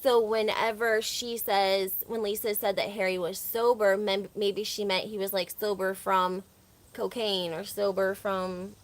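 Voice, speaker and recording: A woman's voice: mid-range voice, level tone, measured pace. A woman with a Southern American accent hosting a casual gossip livestream, chatty and opinionated, often laughing between her points. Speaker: reality TV recap host.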